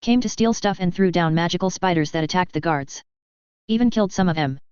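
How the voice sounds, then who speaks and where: A woman's voice: fairly low pitch, fairly quick, darkish tone, smooth, no room sound, lo-fi sound, lightly acted. A woman reading aloud, voicing a drunken, foul-mouthed male elf bartender who rambles about his troubles. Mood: rambling. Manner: slurred, crude, grumbling rant.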